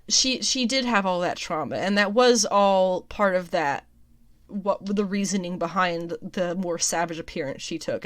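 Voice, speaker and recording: A young woman hosting a casual comics news podcast, excitable and rambling, with many ums and restarts. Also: lowish voice, no room sound, clean studio sound. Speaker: podcast host.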